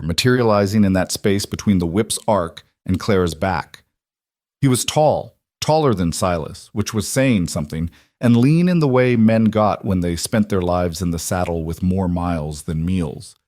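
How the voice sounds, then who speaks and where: Deep-voiced man narrating a western tale. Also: darkish tone, no echo, studio quality. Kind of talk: scripted story narration.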